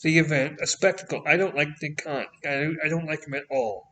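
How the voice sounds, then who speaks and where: Canadian man, podcast host, slightly high voice, blunt, swears, sarcastic. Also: a little fast, sharp tone. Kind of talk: casual podcast chat reading news.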